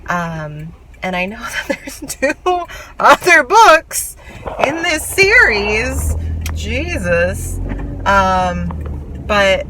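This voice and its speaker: A young woman vlogs from her car, road noise audible behind her, gushing chattily about her books with a self-mocking streak. She speaks extremely slowly in a sing-song voice of medium pitch.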